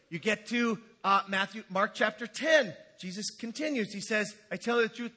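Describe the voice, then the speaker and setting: Male preacher, high husky voice, lively and joking, bright tone. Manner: animated, jokey, acts out quotes. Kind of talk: humorous sermon.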